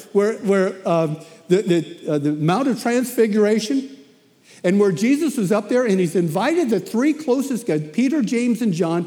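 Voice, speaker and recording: A man preaching a sermon as animated storytelling, often repeating himself as he goes. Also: high-pitched, long reverb tail.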